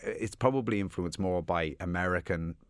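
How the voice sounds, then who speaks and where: An Irish man with a low, deep voice chats as a radio guest, self-deprecating and full of restarts. The sound is dry and close, straight into a studio mic. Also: normal speed, no echo. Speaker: author guest. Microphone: studio microphone.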